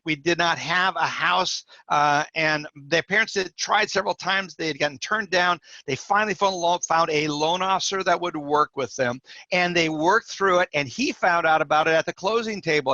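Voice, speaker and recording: A middle-aged mortgage industry coach appears as a podcast guest, his high-pitched voice recorded with no echo and the highs cut off. He tells stories with energy, acting out the quoted dialogue.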